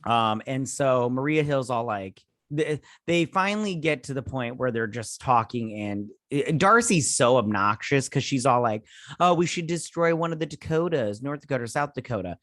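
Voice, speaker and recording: A man's voice: medium pitch, expressive, normal speed, few pauses, fairly bright tone, no room sound, studio quality. A man hosting a show who recaps an episode in a casual, sarcastic and rambling way, full of filler words. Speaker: host.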